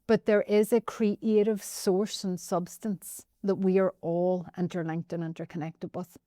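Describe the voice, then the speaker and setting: A woman with a Northern Irish accent telling a personal story as a podcast guest, animated and often addressing the host by name. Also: lowish voice, a little slow, no echo, clean studio sound. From Northern Ireland.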